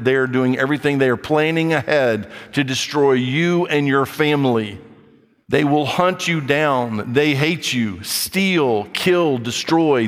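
Middle-aged man, pastor, blunt scolding sermon, reverberant hall. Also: mid-range voice. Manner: blunt, scolding, animated preaching.

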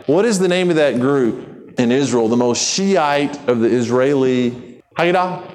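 A man preaching a sermon in a conversational, animated way, acting out the people he quotes in his own voice. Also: medium pitch, a little slow, faint music behind.

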